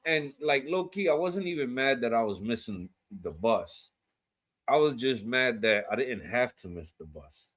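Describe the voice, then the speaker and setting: American man, casual podcast chat, slangy and animated, laughs a lot, mid pitch. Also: a little slow. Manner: animated slang-heavy storytelling, laughs often.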